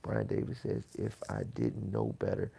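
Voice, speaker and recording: A man hosting a boxing livestream, reading chat comments aloud in a loose, swearing, casual way that turns loud when he gets riled. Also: a bass voice, sing-song, moderate pace, gravelly, slightly rough. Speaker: boxing channel host reading live chat.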